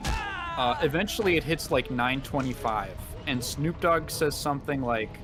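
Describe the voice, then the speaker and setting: A man's voice: medium pitch, very animated, measured pace, over music. A man hosting a gaming stream, rambling through a casual story with lots of fillers. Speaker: streamer host. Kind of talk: casual chat while gaming.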